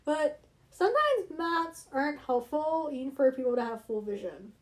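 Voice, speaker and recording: A woman in casual chat, telling stories in an animated way and laughing often. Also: sits high, normal speed. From United States.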